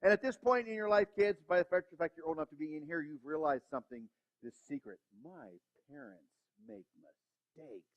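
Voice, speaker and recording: A man's voice: on the high side, quick pace. A male pastor giving a sermon in a church, self-deprecating and acting out the voices in his head. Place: church sanctuary. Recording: reverberant hall, dull lo-fi sound.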